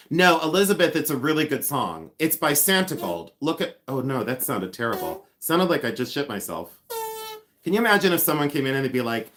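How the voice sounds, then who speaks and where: A man's voice: fairly high pitch, a bit bright. A man in his fifties hosting a casual livestream, joking with viewers by name and teasing himself. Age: 50s. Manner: playful, self-mocking, teasing viewers by name; hums and scats tunes. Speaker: livestream host. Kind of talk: casual live chat.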